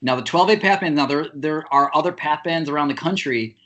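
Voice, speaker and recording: A man, a podcast guest, telling a story in casual chat. He talks with many fillers and jumps up in pitch when he gets indignant. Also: fairly quick, fairly bright tone, highs cut off.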